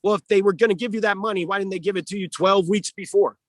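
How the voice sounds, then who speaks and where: A man with a notably high voice rants hard in an interview, cursing and jabbing at his targets. He is the coach and manager defending his fighter. The sound is dry and close, with no room echo. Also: steady tone, quick pace. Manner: combative ranting, profane. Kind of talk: heated interview talk.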